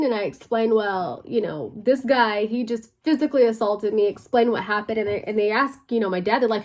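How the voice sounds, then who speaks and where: A woman's voice: a little high, a little fast, hardly any pauses, a little mellow. A young woman vlogging, telling a personal story in a casual, conversational way, full of fillers, sometimes dropping to a near whisper. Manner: conversational, many fillers, drops to a near whisper at tense moments.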